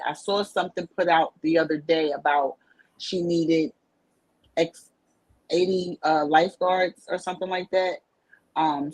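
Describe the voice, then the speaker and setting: A woman from Brooklyn with a New York accent, chatting on a podcast in a relaxed, halting way with many fillers. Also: low voice, husky, rough recording. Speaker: podcast co-host. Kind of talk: casual podcast chat.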